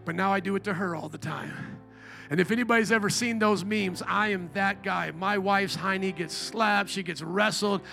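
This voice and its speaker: A middle-aged man from Indiana preaching a sermon as pastor, telling jokey stories in an animated, playful way. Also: sits high, normal speed, gravelly, faint music behind. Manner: animated, joking storyteller. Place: church.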